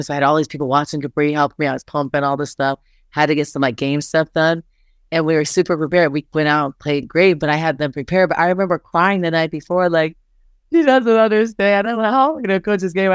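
Smooth-voiced woman coach, animated storyteller. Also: sits low, dry recording, clean studio sound. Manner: animated storytelling, frequent "like" fillers, acts out quotes. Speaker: basketball head coach, interview guest. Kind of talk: candid interview conversation.

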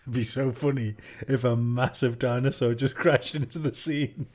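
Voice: mid-range voice, steady tone, normal speed, a little mellow. A podcast co-host chatting casually and playfully while watching a film, cracking jokes. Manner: playful, jokey, puts on silly voices in quoted lines. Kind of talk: casual watch-along chat.

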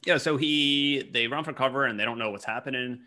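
A man's voice: mid-range voice, a little fast. A man co-hosting a podcast, recapping a cartoon episode in casual, joking chat. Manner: joking, animated storytelling. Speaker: podcast co-host.

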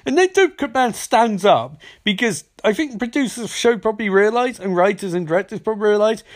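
A man's voice: high voice, lively intonation, fast talker. A man giving a sarcastic, comedic recap of a TV episode, mocking its plot holes. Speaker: TV episode reviewer.

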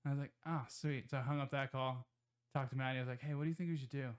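A man's voice: medium pitch, steady tone, racing, clean tone. A young man co-hosting a casual podcast, telling a short story with dry laughs between lines. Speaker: podcast co-host.

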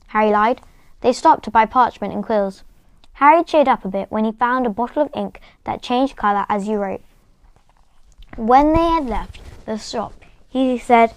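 A woman's voice: medium pitch, normal speed, dry recording. Woman narrator reading a book aloud; unpolished, occasional restarts, dry close recording. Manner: plain storytelling with occasional stumbles and restarts. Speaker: reader.

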